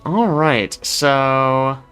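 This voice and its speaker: A man narrating as game master of a tabletop game, often pausing with fillers. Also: medium pitch, clear, resonant tone, soft background music. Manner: bright, lively, often hesitant with fillers.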